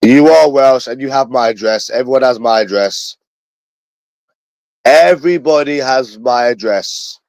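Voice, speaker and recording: A man's voice: medium pitch, measured pace, a little mellow, no room sound, low-quality recording. A man with a London accent, talking to his viewers in a rambling livestream monologue. He sounds bitter, repeats himself and swears often.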